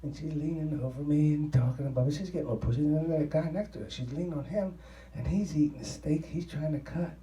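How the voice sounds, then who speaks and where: A man being interviewed, telling a rambling anecdote in an excitable, profane way. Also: on the high side, quick pace. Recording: roomy sound from a distant mic.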